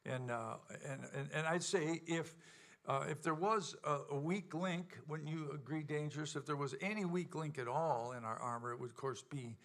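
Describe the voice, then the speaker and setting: A man's voice: on the high side, moderate pace, a bit bright. A man hosting a casual show, rambling and joking with plenty of fillers. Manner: rambling, jokey, many fillers. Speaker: show host and band member. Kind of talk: casual banter.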